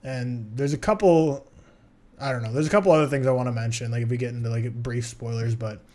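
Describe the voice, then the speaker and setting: Male podcast co-host, mid-pitched, casual, rambling delivery full of fillers. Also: a little fast, darkish tone. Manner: rambling, many filler words. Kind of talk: casual film review chat.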